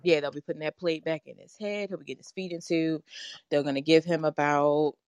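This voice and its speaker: A woman co-hosting a podcast, chatting casually through a morning check-in with lots of ums and pauses, a little nervous. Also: low voice, clear, resonant tone, no room sound. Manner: relaxed, halting with many ums. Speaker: podcast co-host.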